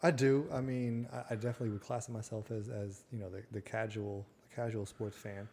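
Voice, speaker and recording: A man's voice: lowish voice, level tone, a little fast, darkish tone, slight background noise. A man who once played football, answering casually in an interview, hesitant and full of fillers. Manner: hesitant, many fillers and restarts. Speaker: guest, former football player.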